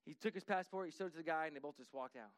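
A man telling a story in a conversational way, lively and full of restarts and repetitions, often dropping his voice to act out what people said. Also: on the high side, very fast, dry recording. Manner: lively, acts out dialogue, drops to a hushed voice for quotes.

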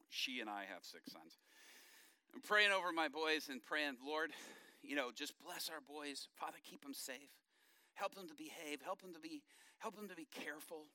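A middle-aged man preaches with a somewhat high, very bright voice. He tells his stories with animation and acts out what others said. The recording is dry and close. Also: moderate pace, no room sound. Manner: animated storytelling, acting out quotes. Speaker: pastor. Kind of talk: sermon.

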